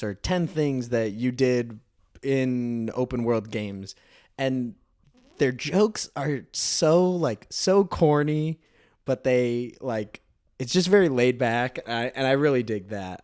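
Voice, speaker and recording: A man's voice: medium pitch, darkish tone, dry recording, studio quality. Laid-back man chatting casually. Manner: laid-back, rambling, lots of fillers. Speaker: podcast host. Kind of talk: casual chat.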